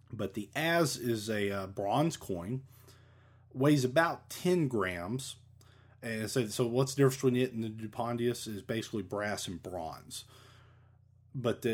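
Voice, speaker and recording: A man giving a casual, rambling lesson on ancient coins, with many fillers and restarts. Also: lowish voice. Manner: rambling, many fillers, self-deprecating about Latin pronunciation. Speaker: coin collector explaining ancient money.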